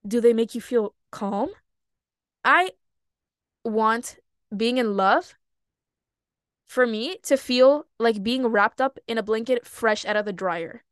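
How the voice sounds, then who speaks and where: A woman's voice: on the high side, slow pace, pauses often, no echo, clean studio sound. A young woman hosting a personal podcast monologue, talking candidly and animatedly, laughing at herself and breaking into sudden outbursts. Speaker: podcast host.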